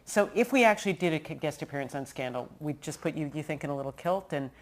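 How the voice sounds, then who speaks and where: A woman's voice: low-pitched, animated. A woman hosting a casual podcast interview, effusive and chatty, often speaking straight to her listeners. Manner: effusive, fast, addresses listeners as "you guys". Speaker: podcast host, producer.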